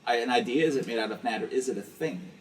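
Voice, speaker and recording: A man's voice: mid-range voice, fast talker. Young male podcast host, loose rambling storyteller, recorded from a distance with light hiss. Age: young adult. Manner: rambling storyteller with fillers, quizzing friends. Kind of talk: casual chat, joke telling. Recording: distant mic with faint hiss.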